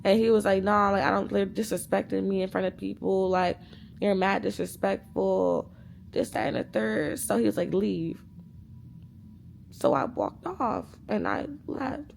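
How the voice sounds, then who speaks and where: A young woman in her twenties talks straight to her camera in a loose storytime vlog. She is animated and profane, acting out both sides of the quoted dialogue. Her voice carries a gravelly vocal fry at a middle pitch. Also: normal speed, a little hiss or hum. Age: 20s. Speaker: vlogger. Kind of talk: casual storytime chat.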